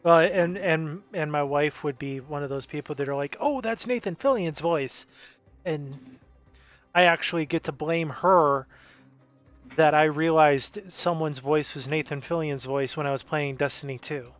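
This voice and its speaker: A man's voice: on the high side, steady tone, moderate pace, fairly bright tone, smooth. A man co-hosting a live stream, chatting casually and telling a rambling story with many restarts and asides. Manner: rambling, self-interrupting storyteller. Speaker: stream co-host. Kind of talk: casual chat. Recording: dull lo-fi stream audio with music.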